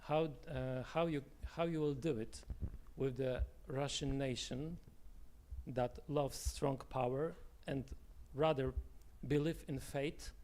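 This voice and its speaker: Polish man, gravelly voice, stumbling english, audience question. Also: mid-range voice, a little mellow. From Poland. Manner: searching for words, stumbling. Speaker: audience member asking a question.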